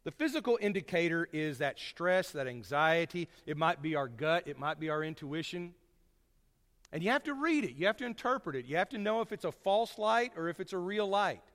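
A man preaching a sermon to his congregation, folksy and storytelling, swinging from loud to hushed. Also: a little high, very animated, brisk, in a large hall.

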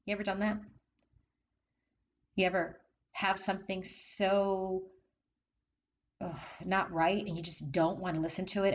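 A woman's voice: lowish voice, steady tone, moderate pace, long pauses, low-quality recording. A woman telling her own life story as a candid monologue, repeating phrases and asking the listener rhetorical questions. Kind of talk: personal testimony monologue.

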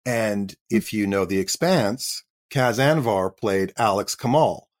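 A middle-aged Canadian man, a guest actor telling a lively anecdote in an interview and acting out the voices of the people in it. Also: fairly low pitch, takes it slowly. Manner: animated storyteller acting out quoted voices.

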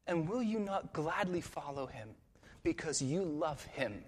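A man pastor preaching a sermon with earnest intensity, dropping quiet and rising for emphasis. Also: fairly high pitch, expressive, measured pace, big-room sound, slight background noise.

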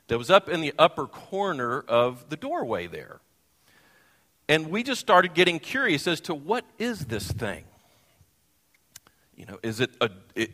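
A male pastor telling a funny personal story in a sermon, animated and self-deprecating. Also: on the high side. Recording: long hall reverb.

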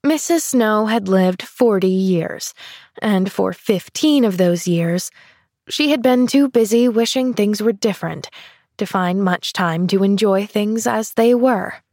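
A woman narrating a classic novel in measured, gentle storytelling. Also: mid-range voice, dry recording, studio quality. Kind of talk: audiobook narration.

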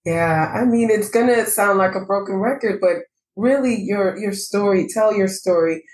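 A woman's voice: mid-range voice, moderate pace, a little mellow. A woman hosting a casual chat, encouraging and affirming her guest. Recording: roomy, from the mic, faint noise.

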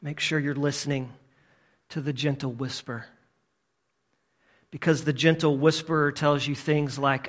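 A man preaching a sermon as a pastor. He asks emphatic, repeated rhetorical questions and swings from loud to hushed. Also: fairly high pitch, steady tone, measured pace, long pauses.

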